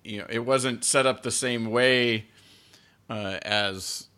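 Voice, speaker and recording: A man hosting a podcast, speaking in a relaxed, halting way with many pauses and fillers. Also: medium pitch, clear, resonant tone. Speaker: podcast host. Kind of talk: casual chat.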